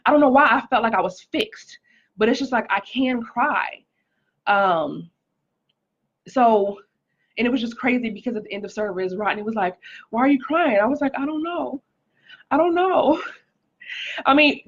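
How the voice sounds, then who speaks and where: On a livestream, a woman with a voice on the high side casually shares a personal testimony, greeting viewers by name and saying "like" and "um" often. The sound is lo-fi.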